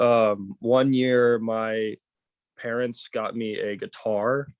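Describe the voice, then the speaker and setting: A man chatting as a guest in a relaxed way, laughing easily and hesitating with fillers. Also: lowish voice, slow pace, smooth, no room sound, lo-fi sound. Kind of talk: casual chat.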